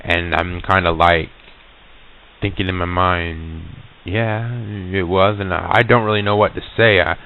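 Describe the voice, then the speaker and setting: A man telling a story into a tape recorder, halting with many stammered restarts, on an old reel-to-reel tape. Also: low voice, steady tone, clear, resonant tone, narrow, tinny audio.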